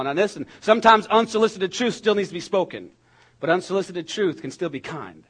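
A man preaching a sermon in a conversational, animated way, with jokes and quick asides. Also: sits high, breathy edge. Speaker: pastor.

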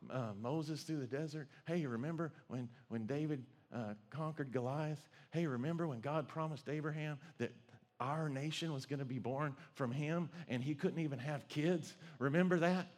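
A man voicing three young men who talk over their options in a hushed, hesitant way. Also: a little high, normal speed, voice pushed down, natural voice. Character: three young men, uneasy friends huddling.

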